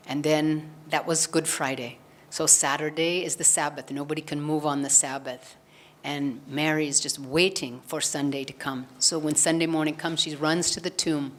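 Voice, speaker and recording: A woman giving a spiritual satsang talk, earnestly retelling a gospel story and acting out the quoted lines. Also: sits low. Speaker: satsang speaker.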